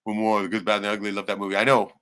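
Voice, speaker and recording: A man hosting a casual livestream, rambling and swearing often, suddenly turning loud and excited. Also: on the low side, racing, smooth. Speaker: livestream host.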